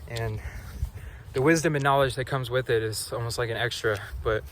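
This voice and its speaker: Soft-spoken dreamy man outdoors. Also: medium pitch, fairly even intonation, a little hiss or hum. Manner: slow, soft, dreamy and reflective. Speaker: vlogger. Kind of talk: spiritual vlog monologue.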